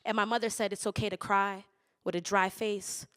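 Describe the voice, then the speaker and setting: A young woman performing spoken word poetry, with rhythmic, measured recitation and loose, laughing, swearing banter between poems. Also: medium pitch, level tone, fairly bright tone, clean tone.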